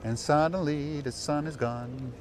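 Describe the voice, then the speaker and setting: A man's voice: on the high side, steady tone, a little slow, darkish tone, slight background noise. A young Dutch man, a native Dutch speaker, chatting casually on a live stream from a city street and talking with his chat and people passing by. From Netherlands. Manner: chatty and rambling, talks to chat and passersby.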